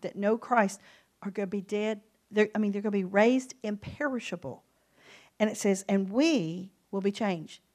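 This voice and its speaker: A woman preaching a sermon, reading verses slowly and pressing her points with rhetorical questions to the listeners. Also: mid-range voice, a little mellow. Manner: slows down to read verses aloud. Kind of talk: sermon teaching on scripture.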